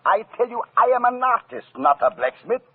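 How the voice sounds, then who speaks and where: A jittery stammering violinist. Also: male voice, extremely high pitch, brisk, slightly rough, exaggerated voice. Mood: indignant. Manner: stammering, excitable. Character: nervous, stammering male violinist, proud and fussy. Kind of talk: 1940s radio acting. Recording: tinny old radio broadcast.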